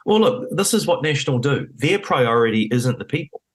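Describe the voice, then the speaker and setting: A man's voice: mid-range voice, very animated, a little fast, slightly rough. A man chatting as a podcast guest about politics, rambling along with lots of fillers and then pressing his points with emphasis. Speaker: podcast guest and election candidate. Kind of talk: casual political conversation.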